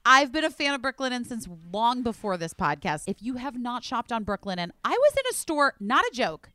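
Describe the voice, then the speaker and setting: This podcast host reads ads like casual chat, bubbly and enthusiastic, with a sing-song lilt and a slightly quick pace. Her smooth, clear voice is miked close and dry, with no echo. Now and then she goes low and quiet so a point lands.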